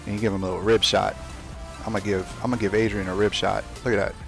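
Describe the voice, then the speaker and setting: Young male game streamer, low gravelly voice, chatty running commentary. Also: flat delivery, racing, music in the background. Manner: chatty, talks to himself while playing, trash-talks opponents. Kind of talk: casual live gameplay commentary.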